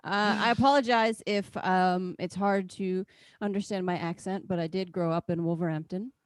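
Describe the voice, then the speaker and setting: A woman's voice: lowish voice, fairly even intonation, moderate pace, smooth, no echo. An American woman doing a stand-up set over a video call, chatty and self-deprecating, often laughing at her own jokes. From United States. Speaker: stand-up comedian.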